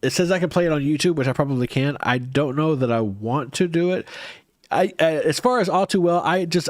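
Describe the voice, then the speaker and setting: A man's voice: medium pitch, dry recording, clean studio sound. A man hosting a casual livestream, chatting with viewers in a rambling, hesitant way with many restarts, his nose a bit stuffy. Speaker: livestream host.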